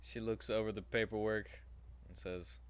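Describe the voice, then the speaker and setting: A man's voice: fairly low pitch, flat delivery, moderate pace, clear, resonant tone. A man acting as game master, patiently explaining rules and narrating the scene over an online call.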